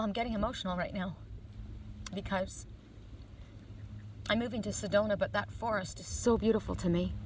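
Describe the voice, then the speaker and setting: Woman card reader, gentle and chatty, recorded on a phone outdoors by a lake with clear background noise. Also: mid-range voice. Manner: gentle, chatty, drifting off into asides. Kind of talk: outdoor card reading vlog. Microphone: phone camera.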